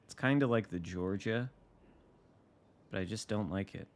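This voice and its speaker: Low-voiced man musing over gameplay. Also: moderate pace. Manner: dry, wry musing, thinking aloud. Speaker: game streamer. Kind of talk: casual live gameplay commentary.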